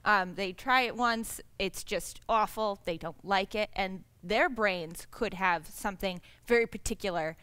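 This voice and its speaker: Woman panelist, brisk conversational talk, bright tone. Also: medium pitch, clean tone. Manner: brisk, conversational, frequent restarts. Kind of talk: public forum discussion.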